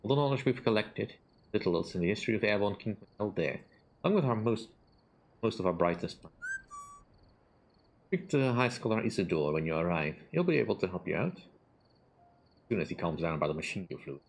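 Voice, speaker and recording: A man's voice: on the low side, animated, brisk, gravelly, long pauses. A man reading aloud the lines of a grateful, friendly village leader from a game, in an earnest, encouraging way.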